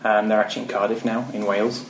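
A man's voice: fairly low pitch, level tone, quick pace, slight background noise. A British man giving a casual, rambling interview answer with many ums. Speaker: guest. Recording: roomy echo.

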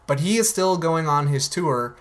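A man's voice: on the high side, expressive, moderate pace. A man hosting a podcast, talking casually and animatedly, sometimes dropping into playful silly voices. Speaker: podcast host.

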